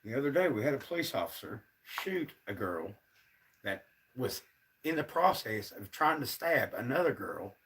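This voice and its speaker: A man's voice: mid-range voice, sing-song, moderate pace, fairly bright tone, recorded from a distance. A man, ranting to his viewers on a casual livestream, sounding frustrated and fed up. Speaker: livestream host.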